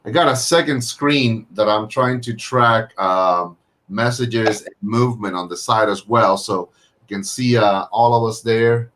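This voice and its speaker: A man's voice: fairly low pitch, fairly even intonation, a little slow, a bit bright. A man hosting a casual live video-call chat, rambling with frequent fillers and restarts. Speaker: host.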